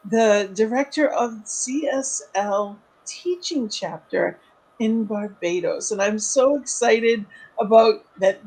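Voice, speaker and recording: A woman's voice: mid-range voice, husky. A woman leading an online spiritual service, greeting viewers by name and introducing a guest with gushing praise. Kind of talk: welcoming service host talk.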